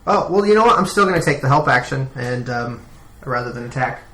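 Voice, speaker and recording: A man's voice: mid-range voice, animated, a little fast. A man playing a tabletop game, chatting through the rules and his moves. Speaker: player. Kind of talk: casual tabletop gaming chat. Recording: echoey room, faint background noise.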